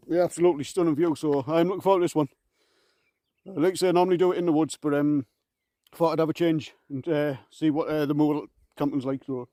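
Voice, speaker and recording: A man vlogging casually while hiking up moorland outdoors, out of breath and speaking haltingly with lots of fillers. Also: fairly high pitch, warm tone, no room sound. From England. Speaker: camping vlogger.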